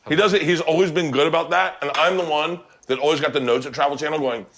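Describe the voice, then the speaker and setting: A man's voice: on the high side, steady tone, quick pace, fairly bright tone, a little hiss or hum. A man hosting a casual podcast chat in a kitchen, telling jokey stories with lots of swearing. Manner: profane, joking storyteller.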